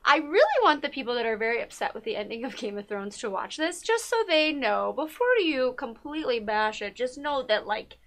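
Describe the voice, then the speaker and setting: A woman's voice: fairly high pitch, big pitch swings, a little fast, few pauses, a bit bright. A woman co-hosting a TV talk show, chatting casually and gushing about a documentary, with many fillers. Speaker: podcast co-host.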